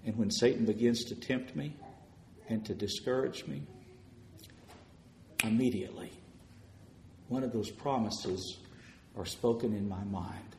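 Low-voiced man preaching in a roomy hall. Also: measured pace, gravelly, pauses often, slight background noise. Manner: tells stories, swelling louder on quoted prayers. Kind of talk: sermon.

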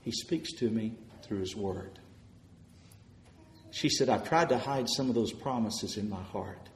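A man preaching a sermon, telling stories of answered prayer and swelling louder as he retells people's words. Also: on the low side, animated, a little slow, roomy sound, slight background noise.

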